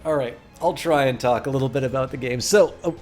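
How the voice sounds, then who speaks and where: A man's voice: medium pitch, fast, a little mellow, soft background music. A man streaming live and chatting casually, rambling through long, complicated sentences.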